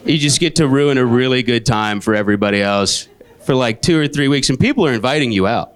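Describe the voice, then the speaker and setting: A man in his late twenties performing a stand-up comedy set, telling stories in a dry deadpan with sudden jumps into high, exasperated voices. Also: fast talker, clear, resonant tone. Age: 20s. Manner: deadpan storytelling with sudden high-pitched outbursts. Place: comedy club stage. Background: audience laughter.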